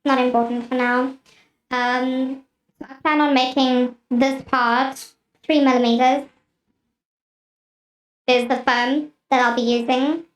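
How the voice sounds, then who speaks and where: A woman's voice: high voice, flat delivery, slow, pauses often, recorded from a distance. A woman streamer chatting casually and rambling as she works on a craft project. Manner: rambling, with many fillers. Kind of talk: casual chat while crafting. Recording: roomy echo.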